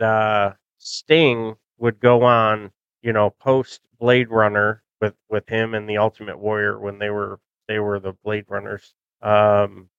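Rambling middle-aged podcast host, smooth voice. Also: male voice, lowish voice, a bit bright, no echo, dull audio. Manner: rambling, nostalgic, with frequent fillers. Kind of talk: casual chat.

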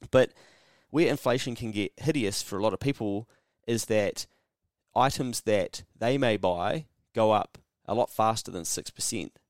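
A New Zealand man talks through his solo podcast in a blunt, sarcastic, sweary way, slipping into mock dialogues as he goes. His voice sits a little low. The sound is dry and close, with no room around it. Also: brisk, dry recording. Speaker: podcast host. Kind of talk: casual solo podcast monologue.

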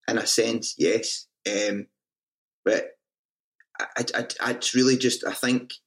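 A Scottish man talks through his band's early days in a relaxed, unscripted way, full of swearing and false starts. His voice has a gravelly, fry-laden edge at an everyday middle pitch. He comes across as a frontman chatting freely with a friend. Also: takes it slowly. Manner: swears freely, restarts a lot, self-mocking. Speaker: band frontman and guest. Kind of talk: casual interview storytelling.

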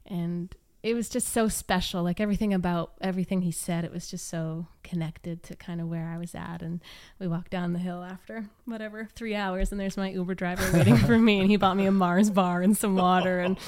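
A woman guest on a podcast, telling a story in a casual, rambling way with many "likes" and "ums" and soft laughs. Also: fairly low pitch, little pitch movement, brisk, few pauses. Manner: rambling, heavy use of "like" and "um". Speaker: podcast guest, yoga teacher.

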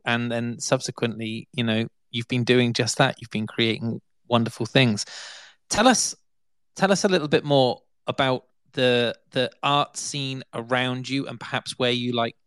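A man's voice: mid-range voice, clean tone, no echo. A man hosting an interview, thanking his guest and leading into the next question. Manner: warm thanks, then asks follow-up questions. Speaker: podcast host. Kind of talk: casual interview chat.

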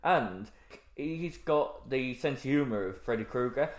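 A man's voice: medium pitch, expressive, a little slow. A man chatting casually as a podcast co-host, rambling and slipping into silly voices to quote films. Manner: rambling, quoting film lines in silly voices. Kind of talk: casual chat. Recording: roomy echoey room.

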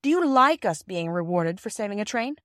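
A woman playing a thoughtful, grown-up-minded girl who speaks gently and a little primly. The voice is dry and close, as in a children's audiobook. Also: medium pitch, big pitch swings, brisk, no echo. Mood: earnest. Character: earnest, careful eldest girl.

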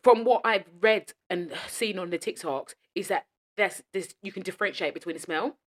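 A woman's voice: medium pitch, moderate pace, a bit bright. A woman co-hosting a podcast, ranting and swearing freely in casual chat. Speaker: podcast co-host.

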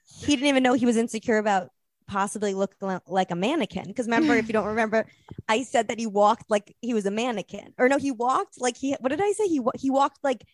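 A woman's voice: a little high, quick pace, no room sound, clean studio sound. A young woman, a podcast guest, telling a rambling story in casual chat and acting out the quotes.

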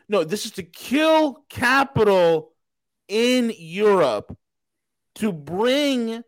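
A man's voice: sits high, dry recording, low-quality recording. A man hosting a podcast, giving a casual but heated markets commentary, asking himself rhetorical questions and swearing for emphasis. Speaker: podcast host.

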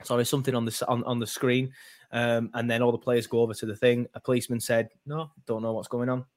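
A man's voice: mid-range voice, little pitch movement, quick pace. A man hosting a casual football fan chat, rambling and hesitant, full of fillers and restarts. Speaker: fan podcast host.

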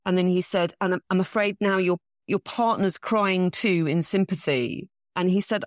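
A middle-aged English woman, a bridge champion being interviewed, telling self-deprecating stories in a casual, animated way. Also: lowish voice, normal speed, few pauses, dry recording, studio quality. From England.

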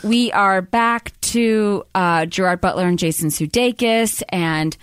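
A woman's voice: medium pitch, unhurried, smooth, no echo, clean studio sound. A woman recapping a movie in casual chat, sarcastic and rambling, full of fillers. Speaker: podcast co-host.

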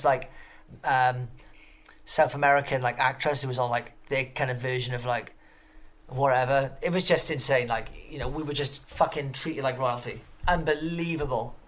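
A man telling stories as an interview guest, rambling and excitable, swearing constantly. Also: a little high. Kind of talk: casual storytelling interview.

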